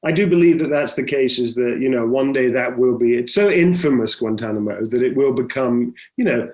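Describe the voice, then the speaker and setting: A man's voice: medium pitch, a little fast, darkish tone. A middle-aged man, a film director, telling stories in a chatty interview with many restarts. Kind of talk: conversational interview.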